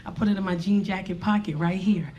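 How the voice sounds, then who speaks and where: A woman's voice: fairly low pitch, steady tone, a little fast, a little mellow, highs cut off. A woman comedian telling a brash, profane story on stage, acting out every part. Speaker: stand-up comedian. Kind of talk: stand-up storytelling. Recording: live club with audience laughter. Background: audience laughing.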